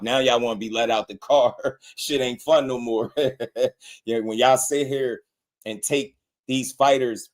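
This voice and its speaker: A man hosting a casual boxing commentary show, blunt and slangy, laughing often as he talks. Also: medium pitch.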